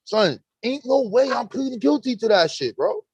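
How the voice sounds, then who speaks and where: A man hosting a live stream, talking in animated, profane street slang and acting out courtroom exchanges. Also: extremely high pitch, moderate pace, slightly rough, dry recording, poor audio. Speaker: host. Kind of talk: casual live-stream chat.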